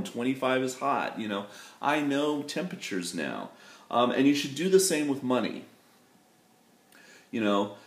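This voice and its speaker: A man who teaches English, chatting casually to camera in a loose, rambling way full of fillers and self-deprecating asides. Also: fairly low pitch. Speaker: English teacher living in Japan. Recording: roomy echo.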